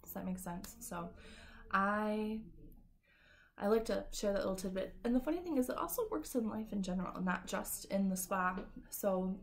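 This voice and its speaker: A woman's voice: mid-range voice, slight background noise. A woman working as a beauty industry coach, giving a casual, upbeat talk to camera with lots of "like" and "kinda". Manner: chatty and upbeat, full of "like" and "kinda".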